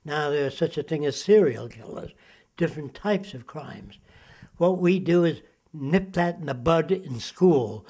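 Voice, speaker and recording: Older man lecturing emphatically, fairly high. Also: a little mellow. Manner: lecturing, emphatic, asks rhetorical questions. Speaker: interviewee, futurist. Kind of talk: interview monologue.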